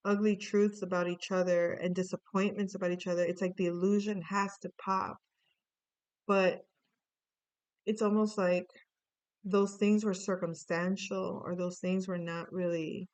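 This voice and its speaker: A woman's voice: on the low side, darkish tone, clean tone. A woman doing a casual tarot reading, rambling with lots of fillers and restarts, swearing now and then. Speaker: tarot reader.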